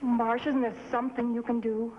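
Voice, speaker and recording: A woman acting an anxious wife gently pleading with her husband, her voice fairly high. The sound is dull, with a faint hiss and a lingering reverb, like an old TV soundtrack. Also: flat delivery, moderate pace, close to an everyday voice. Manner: pleading and coaxing. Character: worried pleading wife of a cartoonist. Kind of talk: 1950s TV drama acting.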